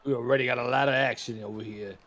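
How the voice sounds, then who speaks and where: A man's voice: medium pitch, steady tone, quick pace, fairly bright tone, a little hiss or hum. A man commentating wrestling in slangy, hyped banter, backing his favorite. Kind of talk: casual play-by-play banter.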